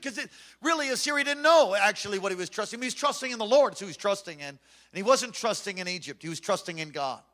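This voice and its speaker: A man's voice: sits high, expressive, fast, a bit bright. A man preaching a fervent, emphatic sermon as pastor from a church stage.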